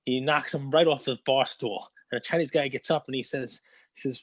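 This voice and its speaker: A man's voice: medium pitch, fairly even intonation, fast talker, dry recording. A man hosting a podcast, joking and telling a story in playful casual chat. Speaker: podcast host.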